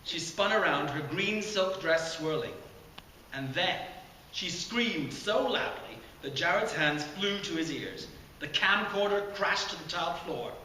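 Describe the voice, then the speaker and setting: Guy reading his novel out loud at a community center, bouncy up-and-down voice, chuckles at his own jokes, really echoey room. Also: a little high, lively intonation, measured pace, a little hiss or hum. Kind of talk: animated reading aloud of a novel.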